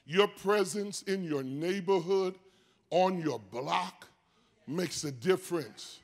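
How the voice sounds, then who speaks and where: An older man pastor preaching a sermon in a distinctive high voice, rising into shouted, sing-song preaching. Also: slow, creaky. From United States. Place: church sanctuary.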